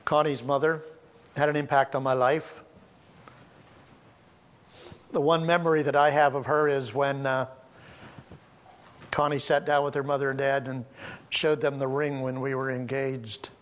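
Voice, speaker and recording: A man's voice: mid-range voice, level tone, a little slow, long pauses. A man in his seventies, a pastor, preaching a Mother's Day sermon in a folksy, conversational storytelling way. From United States. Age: 70s.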